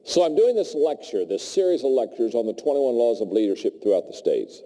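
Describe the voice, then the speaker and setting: With a brisk, medium-pitched voice, this man delivers a motivational leadership speech, bringing his stories to life by performing each line of dialogue. A long reverb from the large hall trails his words.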